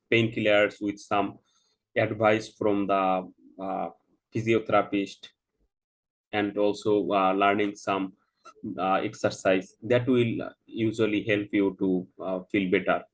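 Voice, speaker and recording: A man with a fairly low voice plays a doctor in a practice consultation. He reassures the patient in halting sentences full of filler sounds. He keeps checking whether he has been understood. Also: steady tone, rough recording. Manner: halting, heavy "uh" fillers, slow explaining; checks understanding with "Do you get me?". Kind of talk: mock doctor-patient role-play.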